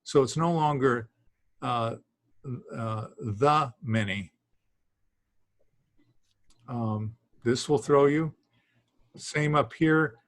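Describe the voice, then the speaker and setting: A man teaches a Greek class to students in the room, rambling, breaking off to restart sentences, and chuckling now and then. His mid-range voice moves very slowly with frequent pauses, and there's no echo.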